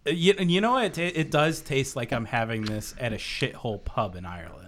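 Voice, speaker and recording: A man's voice: medium pitch, fairly quick, fairly bright tone. A man hosting a casual beer-tasting podcast, talking loosely and jokingly. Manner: loose, joking, frequent "like" fillers. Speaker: podcast host.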